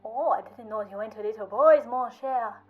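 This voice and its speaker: Brief: woman putting on a high, flirty French tease, dull lo-fi sound. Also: fairly quick, natural voice. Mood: teasing.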